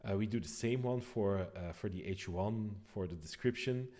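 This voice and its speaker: A man explaining his code on a live stream, thinking aloud with frequent pauses and restarts. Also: fairly low pitch, mellow. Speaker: developer streaming a code walkthrough.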